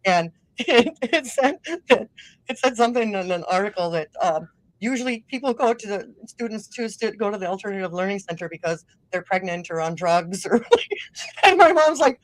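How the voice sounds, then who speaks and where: This guest, a musician-podcaster, is a middle-aged woman whose northern Minnesota accent colors her casual interview chat. She speaks at normal speed in a medium pitch, wandering through stories with frequent laughter, on a dry recording.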